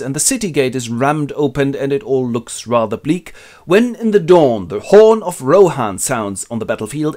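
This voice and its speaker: A man narrating a comic book summary with dry, wry asides. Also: medium pitch. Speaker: host.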